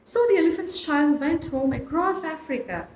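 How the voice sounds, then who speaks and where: A woman reading a classic animal story aloud, with an expressive, lilting storyteller's manner. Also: high voice, moderate pace. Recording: echoey room, faint noise.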